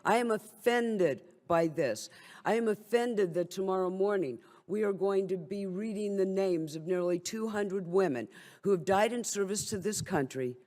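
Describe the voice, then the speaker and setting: An older woman, a military veteran, gives an impassioned speech at a briefing that is blunt and wryly indignant. Her voice is mid-range with a darkish tone, and the recording carries a long hall reverb.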